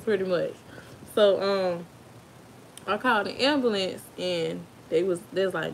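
A woman's voice: mid-range voice, normal speed, slight background noise. A young woman with an African American Vernacular English accent, telling a birth story in a chatty way and laughing often. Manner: chatty, laughs often, talks to kids off camera. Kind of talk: casual storytime.

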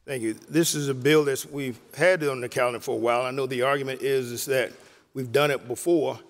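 A man giving a speech on the floor of a legislative chamber as a state senator, halting, with many fillers and restarts. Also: mid-range voice. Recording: long hall reverb.

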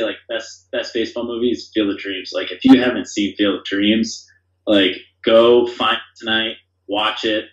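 A man's voice: lowish voice, a bit bright. A man as a podcast guest, talking casually and enthusiastically, rambling with lots of fillers. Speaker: podcast guest, company founder. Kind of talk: casual conversation. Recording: dull, roomy sound.

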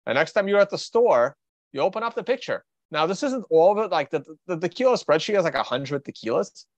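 A man's voice: mid-range voice, dry recording. A man from Russia hosting a casual livestream of market commentary, rambling and thinking aloud in a blunt, offhand way. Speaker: trader and show host. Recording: dry, slightly dull recording.

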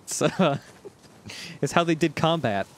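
A man's voice: fairly high pitch, expressive, measured pace, slight background noise. A man doing casual let's play commentary, playful and goofy in his riffing.

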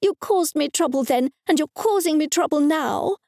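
Shrill pious older mother, high and scolding, gravelly edge, voiced by a woman narrator. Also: moderate pace, mellow, no echo, studio quality. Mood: indignant. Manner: shrill, indignant.

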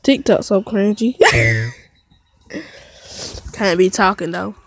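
A woman playing a video game, chattering excitedly and throwing loud trash talk, often breaking into shouts. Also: mid-range voice, very slow, breathy edge. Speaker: gamer streaming gameplay.

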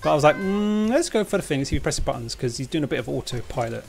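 A man's voice: fairly high pitch, animated, quick pace, creaky, a little mellow, faint music behind. A middle-aged man giving casual commentary while streaming a fighting game, grumbling and poking fun at himself in a slangy way. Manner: grumbling, self-mocking, slangy.

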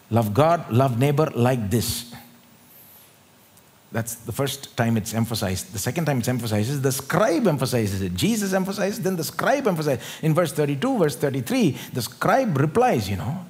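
An Indian man with a fairly high voice preaches a sermon in church. He talks in an animated way, poses rhetorical questions and laughs often. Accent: Indian English. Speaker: pastor.

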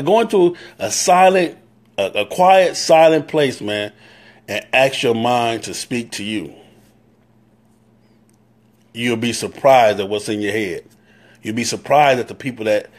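A man with a Southern US accent giving a live-stream talk, preaching on brotherhood and greeting viewers by name as he goes. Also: medium pitch. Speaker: motorcycle club leader.

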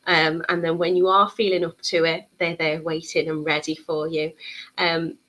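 Though she's a bubbly, talkative young host of a live beading tutorial for a bead shop, her voice is deep, flat and sharp-toned at a moderate pace. She welcomes viewers and fills pauses with frequent ums.

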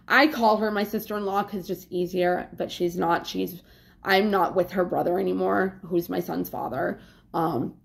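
A woman's voice: medium pitch, vocal fry. A woman vlogger talking in a rambling, casual confessional way, with plenty of fillers and swearing.

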